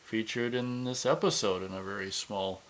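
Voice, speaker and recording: A man's voice: on the low side, steady tone, moderate pace, fairly bright tone, rough recording. A man co-hosting a casual episode review, rambling and correcting himself as he jokes along. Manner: rambling, self-correcting, joking. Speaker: podcast co-host.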